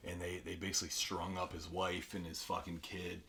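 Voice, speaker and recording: A man retelling a film plot in a rambling, profane comedic way, bursting into loud acted-out lines. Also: low-pitched, completely flat delivery, fairly quick, a little hiss or hum. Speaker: podcast guest retelling a film. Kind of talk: profane comedic movie recap.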